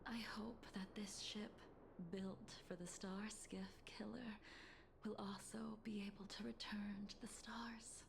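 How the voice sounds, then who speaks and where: Whispered role-play, woman voicing a solemn game character, unvoiced whisper, gravelly, heavy hiss. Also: medium pitch, level tone, a little slow. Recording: loud noise under whisper.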